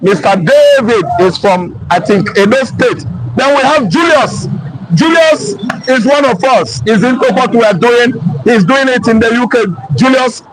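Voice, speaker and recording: A man's voice: very high voice, a little slow, noisy background. Nigerian man hosting a live chat. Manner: reads out viewers' names with lively calls. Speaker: show host. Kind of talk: casual live-stream chat.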